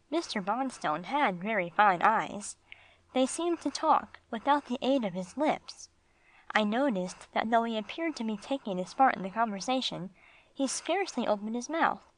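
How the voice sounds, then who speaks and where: Woman narrator, audiobook, even steady storytelling. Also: on the high side, moderate pace, no room sound. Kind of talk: scripted narration.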